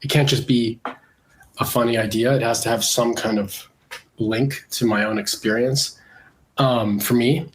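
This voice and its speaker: A middle-aged man from Canada, an illustrator with a cold, talking casually in an interview, relaxed and hesitant with many fillers. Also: mid-range voice, measured pace. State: congested from a cold. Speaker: illustrator guest.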